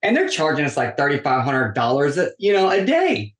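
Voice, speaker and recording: This podcast guest has a voice on the high side and speaks fairly quickly while telling a long, casual story. Echo fills the room as he acts out quoted lines with energy, dropping "like" again and again.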